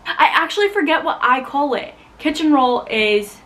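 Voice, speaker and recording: A young woman from the United States chatting casually to camera as a vlogger, animated and full of "like". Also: high voice, moderate pace, slight background noise, low-quality recording. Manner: chatty, animated, heavy use of "like". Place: home in Scotland.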